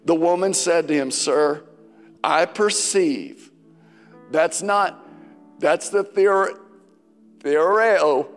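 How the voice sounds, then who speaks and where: A pastor preaching in a big sanctuary, his high voice ringing with a long reverb tail. He moves slowly and deliberately, with soft music faintly underneath, rising to loud declarations and dropping to hushed scripture quotes. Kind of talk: sermon. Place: church sanctuary.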